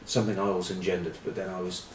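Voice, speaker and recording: A low-voiced man hosts a casual rugby vlog, rambling on with wry, cheeky asides. He sits back from the mic, and his voice carries in a roomy, echoey space. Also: little pitch movement, fast talker, a little hiss or hum. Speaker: rugby pundit and vlog host. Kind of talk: casual rugby chat to camera. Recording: roomy echo, distant mic.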